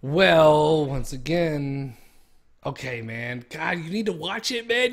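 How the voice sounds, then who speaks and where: A man's voice: on the high side, lively intonation, slow. A young man streaming, chatting casually in a rambling, profane way and laughing at his own stories. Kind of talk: casual chat.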